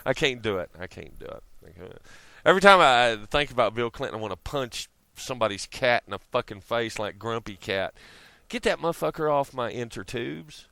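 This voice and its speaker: A man rambling through a profane vlog rant and chuckling at his own jokes. His voice is bright and sharp, with a smooth, clear tone. The sound is close and dry, with no room echo. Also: mid-range voice, lively intonation, brisk. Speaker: vlogger.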